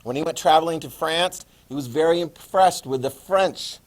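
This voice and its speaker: A man in his fifties giving a classroom history lecture, lively and joking, acting out quotes. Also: fairly high pitch, normal speed. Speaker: history teacher.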